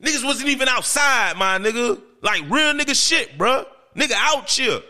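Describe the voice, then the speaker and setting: A man, a podcast host, telling a story in casual chat in an animated, profane and emphatic way. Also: extremely high pitch, normal speed. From Miami, Florida.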